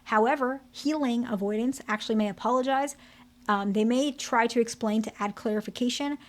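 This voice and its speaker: A woman's voice: a little high, brisk. A woman therapist explaining relationship patterns to camera in a candid, conversational way, often checking in with "okay?" and "right?". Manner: candid, direct.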